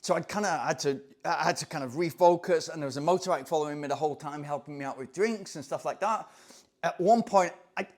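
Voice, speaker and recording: Running coach, man, excitable storyteller, voice sits a bit high. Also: fast. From England. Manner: animated, excitable, acts out voices in anecdotes. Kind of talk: casual storytelling to camera.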